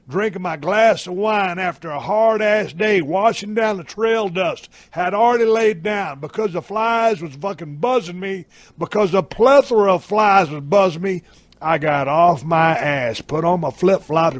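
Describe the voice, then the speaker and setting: A brash man spins a profane tall tale on his podcast, leaning hard on his drawled emphasis. His voice sits fairly high for a man and sounds close and dry, with no room around it. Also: no room sound. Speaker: podcast host. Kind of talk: profane comic storytelling. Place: camper trailer.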